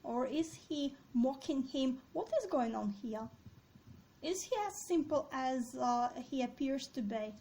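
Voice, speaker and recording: A woman's voice: high voice, a little slow, dark tone, a little hiss or hum, low-quality recording. A woman teaching a discussion lesson on a play, asking her students questions and reading quoted lines aloud.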